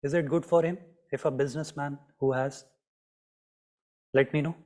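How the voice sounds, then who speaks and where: A man's voice: a little high, steady tone, moderate pace, a little mellow. A man teaching an online astrology class, often asking students by name and repeating his questions.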